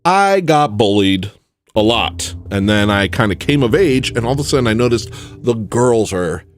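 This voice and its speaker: A man ranting in a rambling, jokey monologue on a livestream, swinging from shouting to muttering. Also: fairly low pitch, lively intonation, moderate pace, soft background music. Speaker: livestream host.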